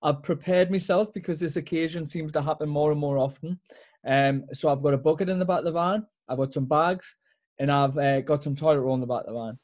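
A man's voice: fairly high pitch, fairly even intonation, a little fast, darkish tone. A young man with a Geordie accent, co-hosting a podcast and telling crude stories with a laugh. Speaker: podcast co-host. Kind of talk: casual chat.

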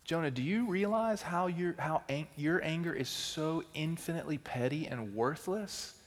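A male teaching pastor delivering a sermon, swinging between loud emphatic bursts and quiet, intense stretches. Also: a little high, expressive, moderate pace. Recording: long hall reverb.

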